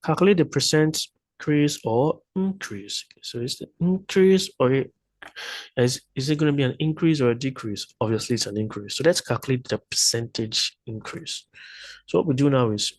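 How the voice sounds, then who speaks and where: Husky man working through sums. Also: mid-range voice, normal speed, no room sound, poor audio. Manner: thinking aloud, hesitant, self-correcting. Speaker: math tutor. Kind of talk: explaining math problems step by step.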